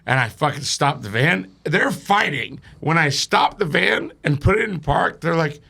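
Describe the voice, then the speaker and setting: A man's voice: on the high side, expressive, normal speed, creaky, few pauses, pushed and bright, slightly rough. A young man, a podcast guest, telling a rowdy, profane story and laughing through it.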